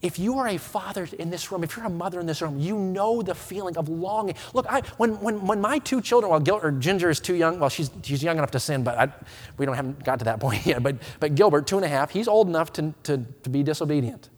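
High-voiced preacher man in a reverberant church. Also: quick pace. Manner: impassioned preaching, swelling from quiet to loud; stammering restarts. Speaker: pastor. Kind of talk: sermon. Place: church sanctuary with a congregation. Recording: long reverb of a church hall.

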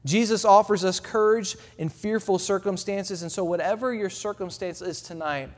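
A man preaching a sermon in a church, building his points through repeated phrases and dropping his voice soft for quoted words of comfort. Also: sits high, normal speed. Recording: long reverb in a hall.

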